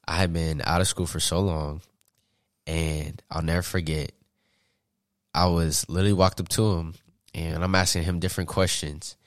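A young man from Atlanta, a podcast guest, telling stories in a casual, slangy, animated way and laughing often. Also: deep voice, normal speed, no room sound, studio quality. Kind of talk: casual storytelling.

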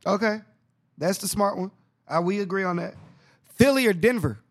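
Excitable man chatting casually about basketball. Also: high voice, normal speed. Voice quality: excitable, slangy, repeats himself. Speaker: podcast host.

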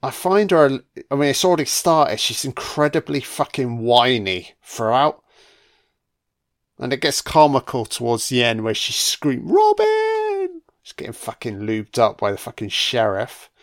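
A man's voice: mid-range voice, normal speed. A man doing a casual, crude film commentary, swearing freely and mocking the characters.

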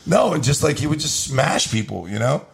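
Gravelly laid-back male co-host. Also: on the high side, sing-song, brisk. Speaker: podcast co-host. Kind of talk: casual chat.

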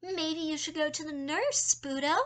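A woman's voice: sits high, normal speed, pitched above the performer's own voice, close to an everyday voice. A woman voicing a scheming teenage schoolgirl who puts on a chirpy, saccharine tone. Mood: sugary.

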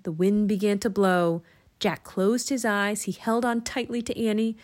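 A woman narrating a children's storybook in an expressive, lilting way. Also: mid-range voice, moderate pace. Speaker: audiobook narrator.

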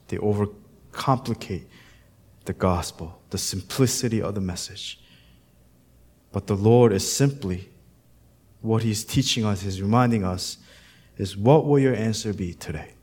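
A very low-pitched man preaching a sermon as a pastor. He talks plainly and conversationally, slipping into casual storytelling asides between points of scripture. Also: a little mellow.

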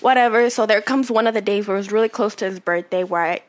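A woman telling a personal story in a casual chat, animated and swearing a lot as she gets heated. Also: medium pitch, fast. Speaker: podcast guest telling her story.

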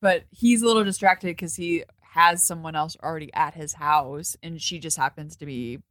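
A woman's voice: sits low, moderate pace, a bit bright, no echo, clean studio sound. A young adult woman co-hosting a podcast, chatting casually about a film, laughing often and swearing freely. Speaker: podcast co-host. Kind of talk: casual movie commentary chat.

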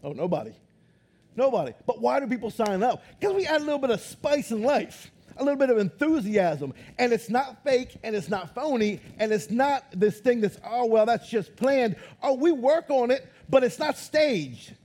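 Excitable pastor guy preaching in church, real high husky voice, gets loud and animated. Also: moderate pace, few pauses. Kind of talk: lively sermon. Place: church auditorium.

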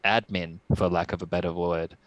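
A young man telling his story as a guest, reflective and halting with many restarts. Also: deep voice, flat delivery, no room sound, poor audio. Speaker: podcast guest. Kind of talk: casual storytelling.

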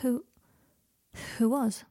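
A woman voicing an earnest, halting young man in an audiobook, close to her own reading voice. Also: a little high, steady tone, warm tone, pitched above the performer's own voice, full character voice. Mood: hesitant. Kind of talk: audiobook character voice.

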